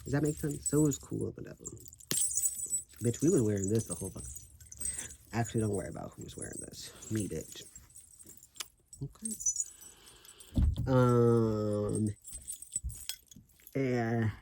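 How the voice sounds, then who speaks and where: A brash, profane vlogger chats to camera with lots of sass and laughter. The words come out thick and slurred from a swollen tongue. The voice sits at a middle pitch over a faint background hiss. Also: unhurried, pauses often, mellow. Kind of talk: casual vlog talk.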